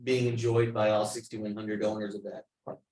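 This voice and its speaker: A man's voice: on the low side, little pitch movement, normal speed, a little mellow. Man talking in a roomy meeting hall. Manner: conversational, tells anecdotes. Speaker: village board member. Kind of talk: meeting discussion. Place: village meeting room. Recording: roomy meeting hall with faint background noise.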